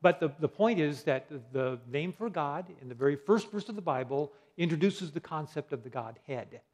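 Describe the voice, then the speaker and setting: A man teaching a Bible lesson in a slightly high voice. He quizzes his listeners and answers his own questions. He spells out key words letter by letter and pauses often on fillers. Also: animated, darkish tone. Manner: asks the audience questions and answers them.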